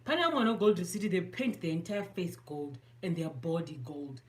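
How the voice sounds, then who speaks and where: A woman's voice: fairly low pitch, sing-song, moderate pace. A woman from Zimbabwe with a Zimbabwean accent, chatting casually through a makeup tutorial, self-mocking and mixing English with Shona. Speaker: beauty vlogger.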